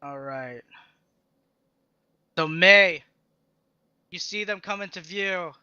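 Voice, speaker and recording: Guy running a tabletop game, bright crisp voice, kinda dull dry mic, lots of uhs. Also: sits high, no room sound. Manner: casual, halting, many fillers and restarts. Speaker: game master.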